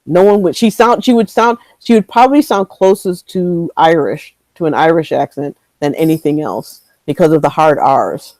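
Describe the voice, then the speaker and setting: A woman's voice: low voice, normal speed, hardly any pauses, darkish tone, no echo, poor audio. A woman from Michigan talking casually as a podcast panelist, thoughtful and conversational. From Michigan, USA. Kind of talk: casual chat.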